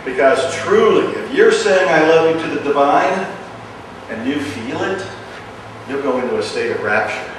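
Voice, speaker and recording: A man giving an earnest motivational talk, slipping into hushed repetitions of his phrases. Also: a little high, lively intonation, normal speed, a little hiss or hum. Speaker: self-help speaker. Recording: very echoey room, speaker far from mic.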